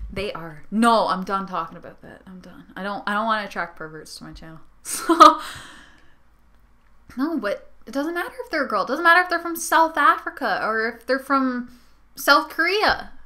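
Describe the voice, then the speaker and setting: A woman's voice: fairly high pitch, bright, forceful tone. A young woman ranting casually to her camera, rambling and giggly with sarcastic asides, tired from a sleepless night. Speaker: vlogger. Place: her bedroom.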